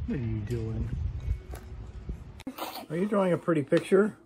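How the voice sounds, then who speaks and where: A man's voice: a little high, big pitch swings, moderate pace, noisy background. A grandfather in a casual home video, playfully coaxing and warning small grandchildren. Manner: playful, coaxing, warns the kids.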